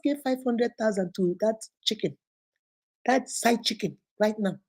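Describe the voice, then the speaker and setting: A woman's voice: fairly high pitch, unhurried. A woman with a Nigerian accent hosting a vlog, chatting casually and animatedly to her viewers. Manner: animated, preachy. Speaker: vlogger host.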